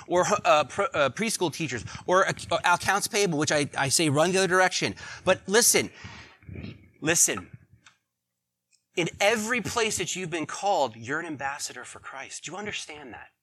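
A pastor with a slightly high voice delivers a conversational sermon, posing questions to the congregation. He swings between loud emphasis and quiet asides.

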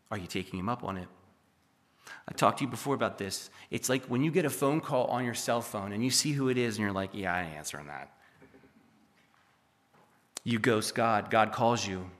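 Man in his thirties, pastor in the pulpit, bright ringing tone, fervent and emphatic. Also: fairly low pitch. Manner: building from quiet to fervent, emphatic preaching. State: sweating and dry-mouthed. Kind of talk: sermon.

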